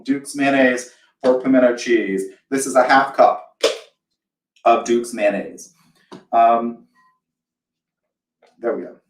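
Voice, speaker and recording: A man's voice: mid-range voice, distant mic. A man from the American South talks through a recipe on a live cooking show, chatty and self-deprecating, with a mid-range voice. He sits back from the microphone, and his voice bounces around a roomy home kitchen. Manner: chatty, self-deprecating, acts out imagined reactions. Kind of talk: casual live cooking demo.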